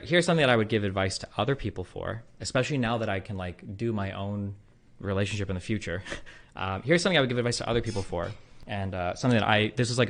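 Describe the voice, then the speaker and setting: Here a man in his thirties chats loosely to the people watching his stream. His voice sits lowish and sounds fairly bright, and he wanders along with lots of filler words and profane, blunt asides.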